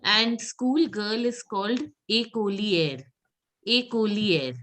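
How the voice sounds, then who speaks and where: A woman leads an online pronunciation class. She speaks slowly and patiently at a middle pitch and repeats each word for her students. Her voice comes through a video call. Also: fairly bright tone. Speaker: French teacher.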